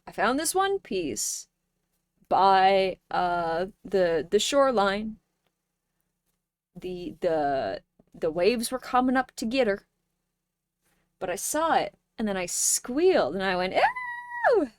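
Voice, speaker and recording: A young woman streamer chatting casually with her viewers, playful and joking, with sudden loud bursts. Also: on the low side, no echo. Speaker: live streamer.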